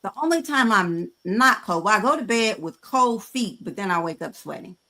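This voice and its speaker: A frank woman in her fifties, co-hosting a podcast in a bright, forceful voice. She speaks conversationally and pauses on fillers as she gathers her thoughts. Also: mid-range voice, expressive. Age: 50s. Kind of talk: candid podcast chat.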